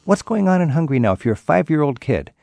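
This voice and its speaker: A man hosting a radio interview, chatty and curious, asking quick follow-up questions. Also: on the high side, very animated, vocal fry, a little mellow, dry recording. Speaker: radio host.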